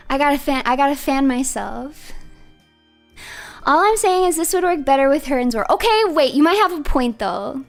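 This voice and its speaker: A female livestreamer chats casually, animated and playful, and laughs often. Her voice sits high, and soft music plays faintly behind her. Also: vocal fry. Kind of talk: casual chat.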